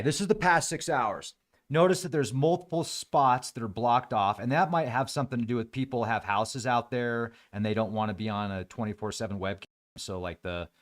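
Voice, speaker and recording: A man hosting his own show, musing aloud and joking sarcastically as he comments on live webcam footage. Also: mid-range voice. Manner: musing, sarcastic, quick to laugh. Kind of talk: casual thinking-aloud commentary.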